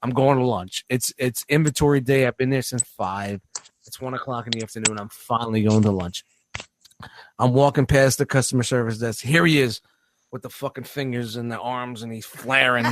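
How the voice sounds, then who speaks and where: A man's voice: medium pitch, moderate pace, slight background noise. A man on a podcast, telling a story in casual chat, swearing often and acting out the lines of the people in it. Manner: profane, animated, acts out quotes. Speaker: podcast co-host.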